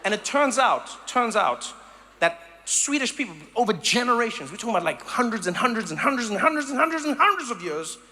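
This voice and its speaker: A man from Africa, doing animated live stand-up comedy and storytelling. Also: high-pitched. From South Africa. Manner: animated storytelling, acts out voices.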